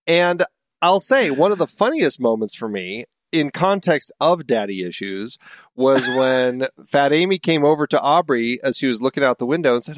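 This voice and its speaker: A man's voice: mid-range voice, normal speed, no room sound, clean studio sound. A man co-hosting a movie podcast, talking casually and often restarting his sentences. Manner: hesitant, restarts often, gets animated defending his view. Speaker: podcast co-host. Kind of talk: casual movie review chat.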